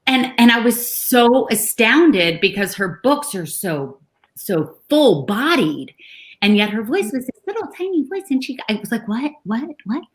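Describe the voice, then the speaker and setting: A woman co-hosting a casual video chat, telling a story in an animated way. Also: a little high, measured pace. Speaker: co-host.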